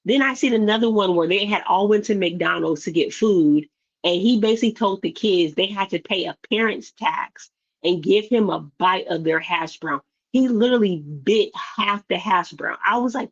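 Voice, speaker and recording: A woman's voice: medium pitch, moderate pace. A woman giving a blunt, exasperated casual commentary rant about videos. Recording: slightly dull lo-fi audio.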